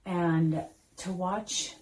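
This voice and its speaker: Lower-voiced woman telling heartfelt stories. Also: fairly even intonation, drawn-out words, darkish tone, rough recording. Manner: heartfelt storytelling, many fillers and restarts. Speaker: podcast host. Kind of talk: casual chat.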